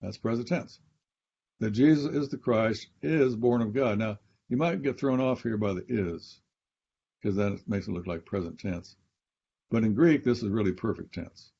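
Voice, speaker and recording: A man teaching with a low, mellow, husky voice. He explains step by step like a professor and repeats key phrases. The audio is slightly dull and lo-fi. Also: normal speed. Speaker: Bible scholar and professor. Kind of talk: teaching conversation on a podcast.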